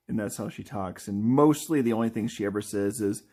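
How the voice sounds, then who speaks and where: A man's voice: lowish voice, brisk, few pauses, darkish tone. A man hosting a live drawing video, chatting casually in a rambling, playful way that keeps correcting itself. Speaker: artist and video host.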